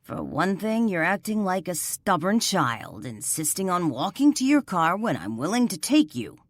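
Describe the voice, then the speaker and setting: A woman narrator voicing a male police sergeant who talks in a calm, patronizing, firm way. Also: lowish voice, normal speed, no room sound, clean studio sound.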